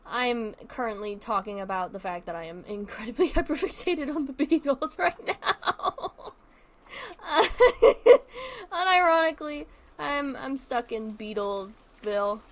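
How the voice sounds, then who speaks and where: While playing a zoo-building game on stream, a woman chats casually and rambles, often trailing off, restarting, and swearing casually. Her fairly high voice is unhurried and a bit bright, with slight background noise.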